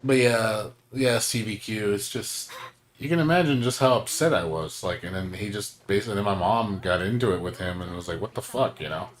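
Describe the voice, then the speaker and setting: Ranting, swearing male game streamer, low voice. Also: brisk. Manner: ranting, swears a lot, lots of fillers. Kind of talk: casual chat while streaming a game.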